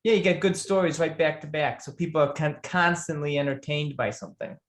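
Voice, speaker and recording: A man's voice: on the high side, brisk. A man as a podcast guest in casual chat, thinking aloud and repeating phrases as he works out his answer. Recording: roomy echo.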